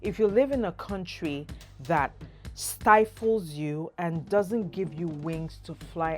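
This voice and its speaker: A middle-aged woman with a Nigerian accent, talking casually to camera as an expressive, humorous storyteller. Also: fairly low pitch, unhurried, soft background music. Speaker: vlogger.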